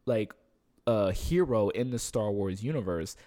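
Rambling, animated man with low voice. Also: measured pace. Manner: rambling, animated storytelling with many fillers and restarts; swears casually. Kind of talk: casual chat.

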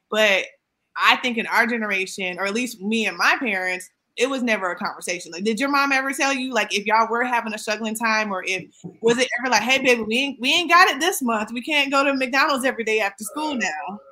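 Woman in her thirties, podcast co-host, bright voice, animated, casual chat with playful mock voices. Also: on the high side. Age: 30s.

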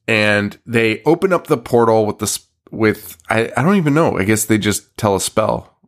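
A man's voice: fairly low pitch, expressive, moderate pace. Rambling laughing podcast host, man. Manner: rambling, laughs often, swears casually. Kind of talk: casual movie recap chat.

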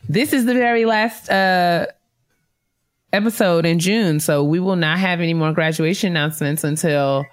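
A woman's voice: on the low side, normal speed, clean tone. A woman co-hosting a casual podcast, reading listener emails and congratulating graduates with easy laughter. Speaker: podcast co-host.

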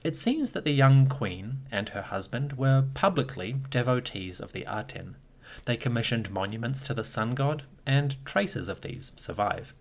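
A man hosting a history podcast, reading a scripted narration with lively storytelling and occasional wry asides. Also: mid-range voice, normal speed, gravelly. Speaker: podcast host.

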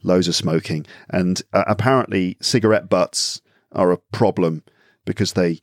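Chatty English man, low voice. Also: normal speed, no echo, studio quality. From England. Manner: chatty, animated storytelling with acted-out asides. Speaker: guest, English teacher. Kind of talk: casual podcast conversation.

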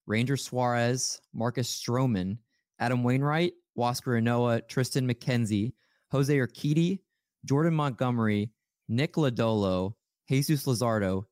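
An easygoing man co-hosting a podcast, talking in a relaxed, conversational way at a middle pitch. He is recorded close and dry, with no echo. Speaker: podcast co-host. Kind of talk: casual podcast chat.

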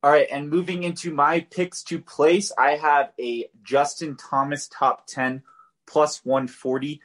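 A man's voice: on the high side, little pitch movement, unhurried, fairly bright tone. A man co-hosting a podcast, giving golf betting picks in a loose, conversational way with fillers and restarts. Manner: conversational, loose, filler-heavy, self-correcting. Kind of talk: casual betting picks talk.

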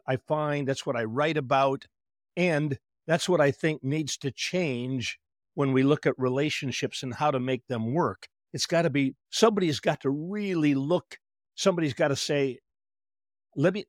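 A man, a therapist guest on a podcast, telling stories in an animated way and acting out conversations with clients. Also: fairly high pitch, no echo, studio quality. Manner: animated storyteller, acts out client dialogue. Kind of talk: podcast interview.

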